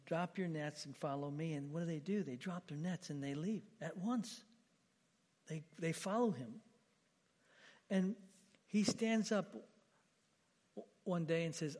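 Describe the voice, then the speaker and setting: A man preaching a sermon as pastor, emphatic, repeating his words and swinging between loud, lifted phrases and quiet, low ones. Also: measured pace, pauses often. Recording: long hall reverb.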